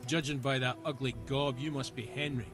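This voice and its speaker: A man's voice: medium pitch, steady tone, a little fast, lightly acted. An actor playing a bullying male debt collector in a video game, talking in a taunting, threatening way over game music. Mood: menacing.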